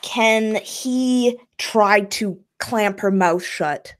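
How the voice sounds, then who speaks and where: A woman playing a tabletop game in a casual, hesitant way, pausing as she thinks. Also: medium pitch. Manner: halting, hesitant with fillers. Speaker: player.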